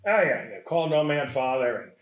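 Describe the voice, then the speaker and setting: A man's voice: mid-range voice, expressive, moderate pace, lightly acted. A man doing a scoffing cab driver. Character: mocking adult male cab driver, dismissive. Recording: echoey room.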